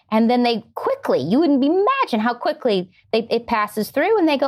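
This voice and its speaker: A woman's voice: a little high, sing-song, moderate pace. Earnest middle-aged woman explaining her craft. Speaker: screenwriter guest. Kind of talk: podcast interview answers.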